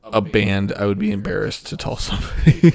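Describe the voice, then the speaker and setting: A man's voice: fairly low pitch, very animated, normal speed, vocal fry, a little mellow, dry recording. A young man co-hosting a casual podcast, tipsy and joking, swearing and laughing often as he reviews albums. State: tipsy from drinking soju. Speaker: podcast co-host.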